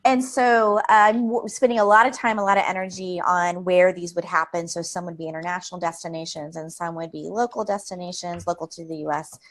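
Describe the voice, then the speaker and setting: A woman speaking as a creativity expert in a live interview, energetic and rambling, with frequent fillers and laughs. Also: on the low side, a little fast, hardly any pauses.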